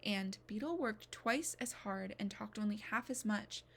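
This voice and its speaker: A woman reading a novel aloud in an expressive way, sometimes dropping to a whisper. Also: medium pitch, a little slow, gravelly. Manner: expressive, drops to a whisper at times. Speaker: reader.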